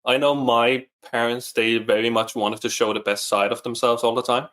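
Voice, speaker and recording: A man's voice: medium pitch, little pitch movement, moderate pace, a bit bright. A man, a single father and coaching client, talking earnestly and reflectively in an interview. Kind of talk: casual interview chat.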